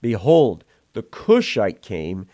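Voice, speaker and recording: A man preaching an expository sermon, retelling the passage verse by verse in a measured, explanatory way. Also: on the low side, wildly swooping pitch, warm tone, no echo, muffled recording.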